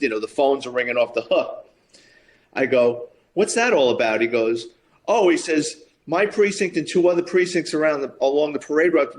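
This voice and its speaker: Lively storytelling man in his fifties. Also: mid-range voice. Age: 50s. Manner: lively storyteller acting out quoted voices, chuckling as he talks. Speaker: retired police officer and author, guest. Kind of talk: anecdotal storytelling.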